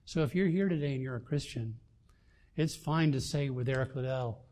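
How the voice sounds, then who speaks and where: An older man preaching a sermon, swinging between loud emphasis and quiet asides. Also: medium pitch, moderate pace. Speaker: pastor.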